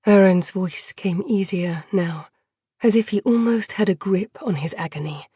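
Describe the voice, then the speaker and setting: A woman reading an audiobook as narrator, measured and hushed. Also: mid-range voice, slightly rough, no room sound, studio quality. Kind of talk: scripted dark fantasy narration.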